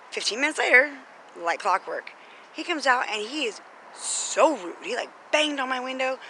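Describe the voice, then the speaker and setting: A woman's voice: high voice, lively intonation, slow, long pauses, pushed and bright, slight background noise, rough recording. An American woman vlogger telling a story in a chatty, indignant rant, full of fillers. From United States.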